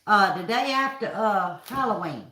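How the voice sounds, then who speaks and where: A woman's voice: mid-range voice, animated, normal speed, pushed and bright. A woman hosting a casual live stream from home, chatty and folksy, greeting viewers by name. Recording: echoey room.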